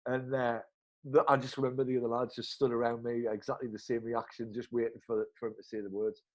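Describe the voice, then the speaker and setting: Northern English man in his thirties, podcast co-host, animated and chuckling, mid-pitched voice. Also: fast talker, muffled recording. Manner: animated, chuckling anecdote telling with northern slang. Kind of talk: casual storytelling chat.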